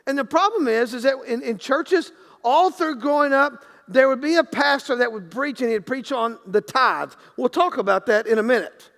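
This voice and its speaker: A male pastor with a very high, gravelly voice delivers a sermon in a church sanctuary. He preaches conversationally, restarting his sentences often and acting out little quotes. His voice rings with the long reverb of a big hall. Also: normal speed, a bit bright.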